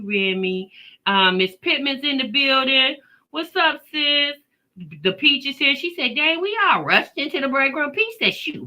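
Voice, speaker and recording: Animated, bright-voiced woman hosting a live chat. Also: high-pitched. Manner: greets chat viewers by name, chatty and animated. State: tired after work. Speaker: reaction channel host. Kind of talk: casual livestream chat.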